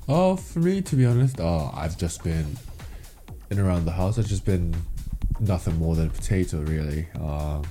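Low-voiced, self-mocking young man. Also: animated, moderate pace, dark tone, faint music behind. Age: young adult. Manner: self-mocking, hesitant with many ums. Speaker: podcast co-host. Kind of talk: casual chat. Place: bedroom hung with blankets.

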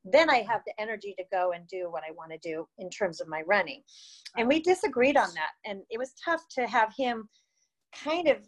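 A woman in her fifties recalls her years as a runner in an easygoing, conversational way. Her talk is loose and chatty, packed with "you know" and "like", and laughter breaks in now and then. Her voice sits at an ordinary middle pitch. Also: expressive, brisk, rough recording. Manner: laughs often while telling stories. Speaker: interview guest, former distance runner. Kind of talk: casual storytelling.

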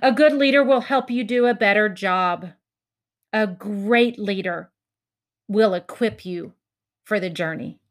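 A woman giving a motivational talk to educators, telling a story with lively acted-out quotes and laughter at her own punchlines. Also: medium pitch, measured pace. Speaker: education speaker.

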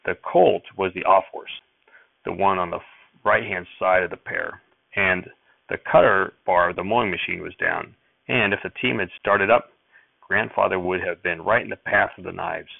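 A man reading a memoir aloud in a steady, measured audiobook narration. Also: deep voice, gravelly, no echo. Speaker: audiobook reader. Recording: dry tinny phone-like sound.

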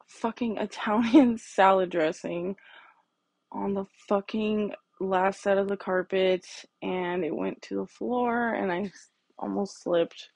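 A woman's voice: medium pitch, fairly even intonation, slow, creaky, a little mellow, breathy edge, no echo. A woman hosting a podcast, talking casually and bluntly on her own in a garage, swearing heavily as she rants. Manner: blunt, heavily profane, ranting. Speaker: podcast host. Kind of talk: casual solo monologue.

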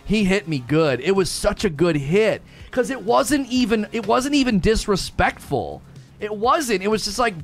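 A man in his thirties casually telling stories to his stream, animated and self-mocking, laughing often. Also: sits high, normal speed, soft background music. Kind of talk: casual storytelling to a live stream.

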